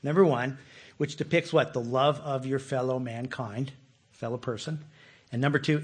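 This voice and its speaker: A man preaching a sermon in a relaxed, conversational way who often puts questions to his listeners. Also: medium pitch, normal speed, slightly rough. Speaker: pastor.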